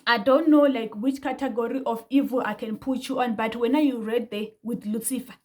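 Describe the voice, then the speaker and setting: A young South African vlogger gives casual commentary to camera, speaking heatedly and indignantly to her viewers and repeating herself for emphasis. Her voice is fairly high and a little mellow, with fairly even intonation at a normal speed.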